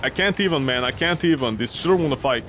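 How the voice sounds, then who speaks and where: A man's voice: medium pitch, lively intonation, fast talker, fairly bright tone, slight background noise. A young man streaming a game, rambling and ranting in exasperation, swearing often and sounding weary. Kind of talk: casual gameplay commentary.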